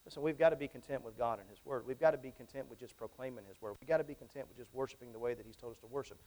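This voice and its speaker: A man's voice: mid-range voice, racing, a little mellow. A man preaching a sermon to his congregation in church, emphatic and repetitive, often asking them questions. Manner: emphatic, repeats phrases, asks the congregation questions.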